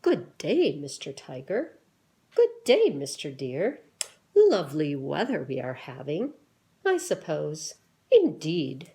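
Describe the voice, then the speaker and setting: A woman's voice: sits low, wildly swooping pitch, takes it slowly, mellow, heavily acted. A woman voicing prim, stiffly polite storybook animals in a formal, proper manner. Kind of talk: picture book read-aloud.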